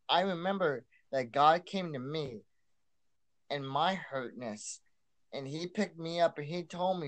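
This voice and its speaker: A man's voice: a little high, expressive, a little slow, a bit bright. A young man sharing his personal testimony as a podcast guest, earnest and repeating himself, restarting lines as he goes.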